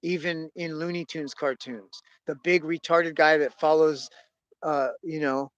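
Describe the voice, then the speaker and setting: A man's voice: on the high side, steady tone, measured pace, a bit bright, no room sound, dull audio. A man hosting a casual monologue, rambling and cursing as he tells a story.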